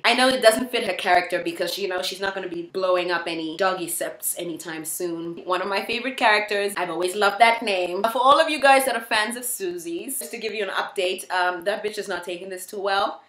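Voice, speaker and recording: A woman with a South African accent telling a casual storytime as a vlogger, bubbly, excitable and cheeky. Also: mid-range voice, brisk, few pauses. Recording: echoey room.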